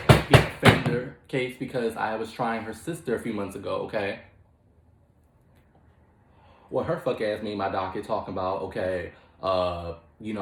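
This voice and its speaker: A man's voice: fairly low pitch, normal speed. A man hosting a comedic mock courtroom commentary, profane and emphatic, peppering his talk with "child" and "okay". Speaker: host. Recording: roomy echo.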